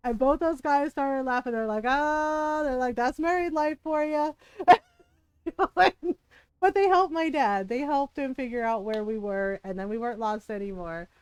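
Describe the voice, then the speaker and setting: Giggly chatty woman streamer, clear voice. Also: fairly high pitch, moderate pace, dry recording. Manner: chatty, giggly, rambling with restarts. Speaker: game streamer. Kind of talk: casual storytelling while gaming.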